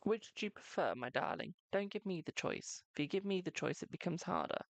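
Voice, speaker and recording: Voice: mid-range voice, lively intonation, brisk, no echo. A live-stream host doing tarot readings in a chatty, reassuring way, calling viewers "my darling" and leaning on "okay" between lines. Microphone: close microphone.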